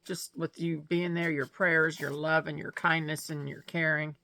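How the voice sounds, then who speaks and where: Gravelly-voiced woman, gushing vlog chat. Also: sits low, level tone, moderate pace, bright, forceful tone, no room sound. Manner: gushing, chatty, laughs often. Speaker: vlogger showing mail and gifts. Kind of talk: casual chat to camera.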